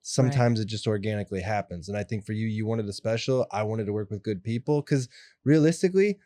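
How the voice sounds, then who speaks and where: A young adult man telling stories as an interview guest, animated and acting out the voices of people in them. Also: on the low side, fast, no room sound. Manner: animated, acts out quoted voices. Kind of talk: casual storytelling interview.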